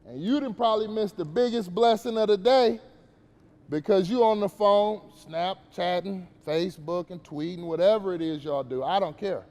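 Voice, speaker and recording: A man's voice: sits high, normal speed, a little mellow, big-room sound. A man giving a casual, slangy motivational talk to young players at a basketball camp, questioning the kids as he goes.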